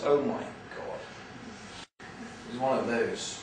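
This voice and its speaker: An English man with a mix of upper-class and East London accents gives an animated, joking religious lecture to an audience. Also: mid-range voice, measured pace, slight background noise. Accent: English, mixed with East London. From England. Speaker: Islamic speaker. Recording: very echoey hall, mic far off.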